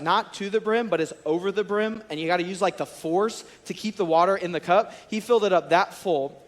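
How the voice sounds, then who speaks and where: A man in his thirties, a college and students director, preaches in a large church auditorium. He tells stories in a lively, conversational way, and his voice sits on the higher side for a man. A long reverb trails each phrase through the hall. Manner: storytelling, animated and conversational. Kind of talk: sermon.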